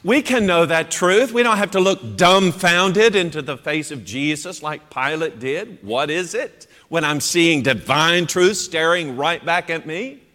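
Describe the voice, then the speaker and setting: A man preaching a sermon in an animated, emphatic way, acting out quoted voices as he goes. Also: fairly high pitch, a little slow, hardly any pauses. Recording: long hall reverb.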